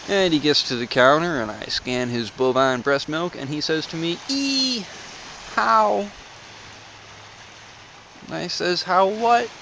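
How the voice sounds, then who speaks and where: Man, vlogger, dry absurd humor, bright voice, faint background noise. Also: mid-range voice, moderate pace, few pauses, poor audio. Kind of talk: deadpan comic storytelling.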